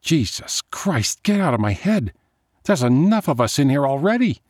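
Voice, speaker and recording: A man's voice: low-pitched, fairly even intonation, a little fast, no echo, studio quality, lightly acted. A man voicing a sardonic, troubled young woman who talks bluntly, in a story reading. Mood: exasperated. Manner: wry, blunt.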